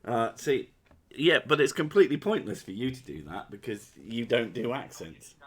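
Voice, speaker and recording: Man, Home Counties English accent, casual sarcastic podcast chat, mid-pitched voice. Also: sing-song, normal speed, fairly bright tone. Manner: sarcastic, swears freely, jokey put-on accents. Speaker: podcast host.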